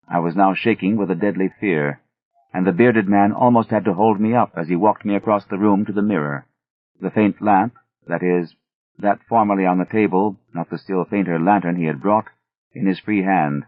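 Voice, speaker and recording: A man reading a first-person audiobook in a measured, unhurried way. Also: deep voice, no room sound. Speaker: audiobook narrator. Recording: thin phone-like audio, dry.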